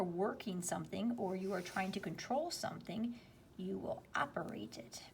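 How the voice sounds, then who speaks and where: A woman's voice: medium pitch, gravelly, a little hiss or hum. Patient woman teaching a spelling lesson. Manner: slow, patient, explaining step by step.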